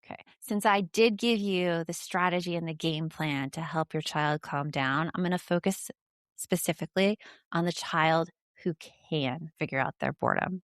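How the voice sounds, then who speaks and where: A woman's voice: deep voice, moderate pace, no echo, studio quality. Woman host giving direct parenting advice. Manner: direct, speaks straight to the listener. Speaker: podcast host. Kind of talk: casual parenting advice talk.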